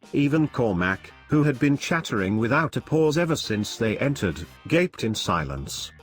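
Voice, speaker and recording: A man reading fanfiction aloud with expressive storytelling. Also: mid-range voice. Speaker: fanfiction reader.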